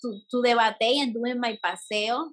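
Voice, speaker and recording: In this low-quality recording, a woman with a fairly high voice tells her own story at a normal pace, casually. She's a bomba dancer appearing as an interview guest, a native Spanish speaker who slips into Spanish words, restarts often, and laughs as she talks.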